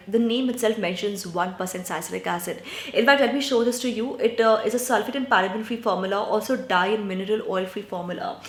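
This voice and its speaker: A woman from India giving skincare advice in a chatty vlog, often checking in with "right?" and addressing her viewers as guys. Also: medium pitch. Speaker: beauty vlogger. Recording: echoey room.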